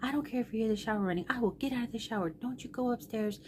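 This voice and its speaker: A woman's voice: fairly high pitch, animated, a little mellow, a little hiss or hum, voice pushed up, natural voice. A woman voicing her panicked grown son, who scolds her in a rush. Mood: scolding. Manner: frantic, fast, scolding. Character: panicked adult son scolding his mom.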